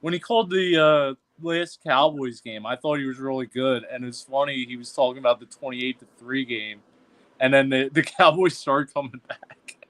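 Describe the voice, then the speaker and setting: A man in relaxed podcast conversation who gives firm opinions but often stops and restarts his sentences. His voice sits at an ordinary middle pitch. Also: normal speed. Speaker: podcast co-host. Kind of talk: casual chat.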